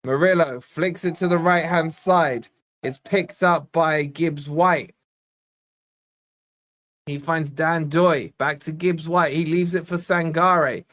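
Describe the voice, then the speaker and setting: A young man from Scotland hosting a live fan watch-along, giving exasperated, chatty play-by-play and reading out viewer shout-outs. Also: a little high, fairly even intonation, slow pace. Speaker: fan channel host.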